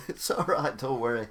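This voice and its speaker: A man's voice: medium pitch, fairly bright tone. A man chatting casually on a gaming live stream. He jokes around, mocks himself and rambles. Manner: jokey, self-mocking, rambling.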